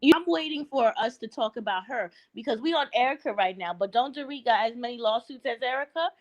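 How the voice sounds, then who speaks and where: A woman's voice: a little high, fairly quick, no room sound, dull audio. A woman panelist in casual commentary with a blunt, teasing way of talking.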